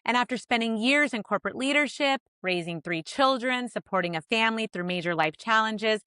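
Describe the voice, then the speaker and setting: A woman's voice: medium pitch, pushed and bright, no echo. American lady podcast host, bubbly and eager, dry close mic. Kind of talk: scripted podcast intro then casual interview.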